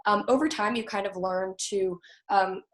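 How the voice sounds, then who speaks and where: A woman's voice: medium pitch, fairly even intonation, moderate pace. A young woman student on a video call, answering panel questions with many hesitant fillers. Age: young adult.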